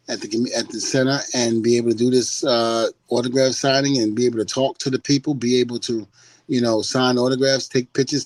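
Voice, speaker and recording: A man's voice: medium pitch, dry recording, poor audio. A middle-aged man on a podcast, talking casually and animatedly, laughing and mimicking people as he tells stories. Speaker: podcast guest.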